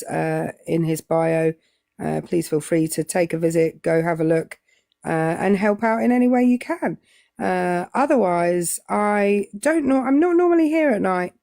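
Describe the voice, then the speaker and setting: A woman with a Southern English accent hosts a casual live stream, drifting along with lots of ums and uhs. Her voice sits a little low and has a gravelly edge. The sound is dry and close. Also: no room sound. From England. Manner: relaxed, rambling, many ums and uhs. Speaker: co-host.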